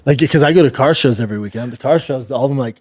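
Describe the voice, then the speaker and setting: A man who once fought, co-hosting a podcast and telling stories with lively quoted voices, often trailing off quietly. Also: mid-range voice, racing, no echo, clean studio sound. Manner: storytelling, animated quoting, trails off quietly. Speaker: podcast co-host, former fighter. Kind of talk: casual chat.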